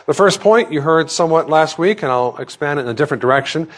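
A man as pastor, preaching a sermon with prayers and a scripture reading in a measured way. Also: fairly high pitch, lively intonation.

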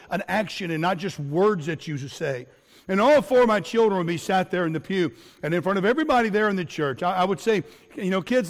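A middle-aged man preaching a sermon as pastor, earnest, with repetitions and fillers. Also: high-pitched. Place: church. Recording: long hall reverb.

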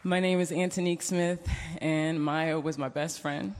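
A woman's voice: deep voice, fairly even intonation, normal speed, darkish tone, slight background noise. Woman speaking at a funeral, echoing chapel. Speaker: eulogy speaker. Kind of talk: funeral eulogy. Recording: long hall reverb in a chapel.

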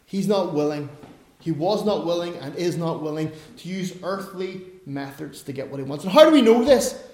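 A man preaching a sermon with emphatic, repeated phrases that sometimes drop to soft, low asides. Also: animated, moderate pace, reverberant.

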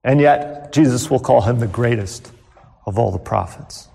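A man preaching a sermon as pastor, pausing often and letting phrase ends fall away softly. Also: mid-range voice, creaky, big-room sound. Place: church.

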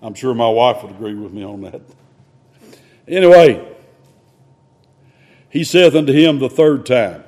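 A man preaching a sermon in a folksy, conversational way, swinging between loud emphasis and hushed asides. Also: medium pitch, lively intonation, a little slow, long pauses.

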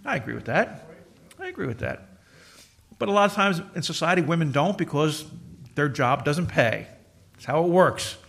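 A man's voice: a little high, big pitch swings, moderate pace, vocal fry, pauses often, fairly bright tone. A middle-aged male pastor preaching a sermon in a conversational, joking storytelling way, acting out quoted voices.

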